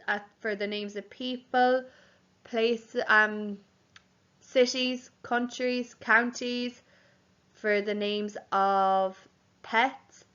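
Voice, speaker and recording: A woman teaching young children a home learning lesson, speaking clearly in a sing-song teacher voice and spelling words out slowly. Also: on the high side, sharp tone, muffled recording. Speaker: primary school teacher.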